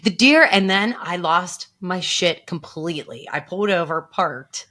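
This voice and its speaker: A woman's voice: fairly low pitch, a little slow. A middle-aged woman co-hosting a podcast, telling a story in casual chat and acting out her own upset voice. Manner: animated storytelling, acts out her own distressed quotes. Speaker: podcast co-host.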